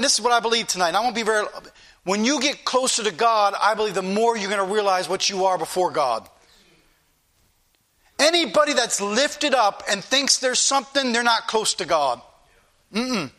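A male preacher delivers a sermon in a fervent, emphatic way, circling back on key phrases to drive them home. His voice sits high and rings with a bright, forceful edge.

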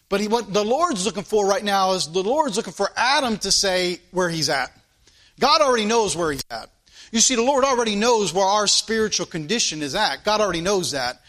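Earnest high-voiced preacher man. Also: sharp tone. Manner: earnest, questioning, repeats phrases. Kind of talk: sermon.

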